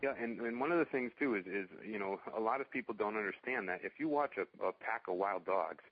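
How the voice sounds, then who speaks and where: A man who rehabilitates dogs, chatting casually in a halting way, full of fillers and restarts. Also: on the low side, a little hiss or hum. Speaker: dog rehabilitation trainer. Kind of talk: casual conversation. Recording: muffled lo-fi sound.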